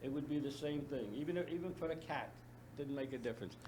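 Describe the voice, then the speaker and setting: A man who is a foundation founder, talking as a guest in a casual interview, halting and often repeating his words. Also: mid-range voice, a little mellow, breathy edge. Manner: halting, repeats words when speaking freely. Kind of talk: conversational interview, reading poetry aloud.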